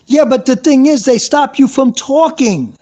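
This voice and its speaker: A man's voice: extremely high pitch, animated, measured pace, dark tone, lo-fi sound. A man who hosts a live chat and was once police, firmly correcting his guest. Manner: firm, correcting. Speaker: live show host, former police.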